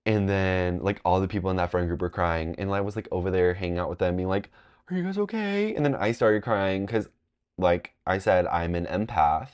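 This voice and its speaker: A man in his twenties telling a rambling, animated storytime vlog, full of "like" fillers. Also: low voice, fairly quick, clean tone. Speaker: vlogger. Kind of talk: casual storytime.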